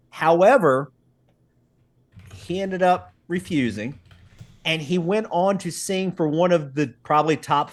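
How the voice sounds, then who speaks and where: A man co-hosting a casual live stream, chatty and animated, laughing easily. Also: on the high side. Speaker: co-host.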